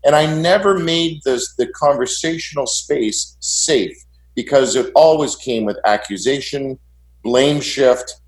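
A man talking about his own marriage in a halting way, often repeating words as he searches for what to say. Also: mid-range voice, echoey room, poor audio. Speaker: guest sharing his marriage story. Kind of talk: personal confession.

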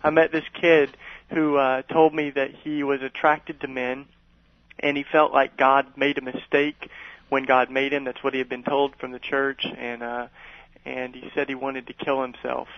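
A man's voice: mid-range voice, little pitch movement, normal speed, no room sound. A man from East Tennessee, a guest on a radio interview, who talks earnestly with lots of restarts and laughs at his own stories. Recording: dull lo-fi radio sound.

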